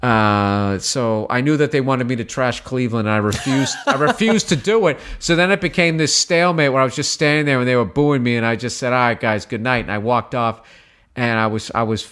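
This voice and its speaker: A man, a stand-up comedian, telling a long story in casual conversation, swearing freely and jumping up high in pitch when he quotes people. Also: a little fast, smooth. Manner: animated, profane, jumps in pitch when quoting people.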